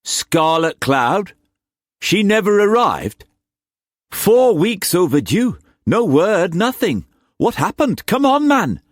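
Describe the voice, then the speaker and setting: A man voicing a gruff middle-aged ship's captain in an audiobook, pressing and brusque. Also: fairly high pitch, drawn-out words, few pauses, a bit bright, dry recording, studio quality, pitched above the performer's own voice. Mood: agitated. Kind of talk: audiobook character voice.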